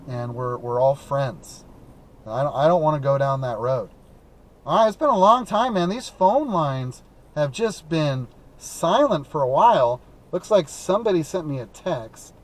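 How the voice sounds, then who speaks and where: With lively intonation at a measured pace, a Midwestern man in a mid-range voice hosts a call-in talk show from his moving car. The live-stream chat is casual and rambling, full of fillers and restarts.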